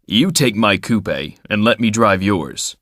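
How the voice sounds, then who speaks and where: A man voicing a brusque, jealous wealthy man in an audiobook, curt and forceful. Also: lowish voice, expressive, takes it slowly, no echo, studio quality. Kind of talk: audiobook character voice.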